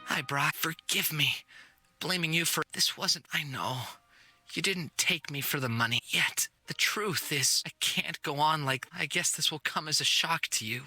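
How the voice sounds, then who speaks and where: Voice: medium pitch, moderate pace, sharp tone, slightly rough, dry recording, faint music behind. A voice actor playing a resentful teenage boy in a video game, lashing out at his stepfather. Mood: resigned. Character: bitter rebellious teenage boy, nearly sixteen.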